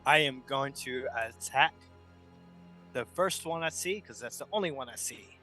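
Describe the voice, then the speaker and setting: A man's voice: mid-range voice, animated, unhurried, pushed and bright, soft background music. A man playing a rogue in a tabletop game, talking through his moves step by step. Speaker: player. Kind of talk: casual tabletop game play.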